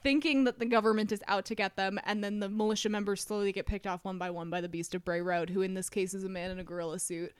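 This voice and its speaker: A woman's voice: mid-range voice, fairly even intonation, fast, few pauses, smooth, no echo. A young woman co-hosting a podcast, casually retelling a TV episode with frequent laughter and offhand swearing. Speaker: podcast co-host.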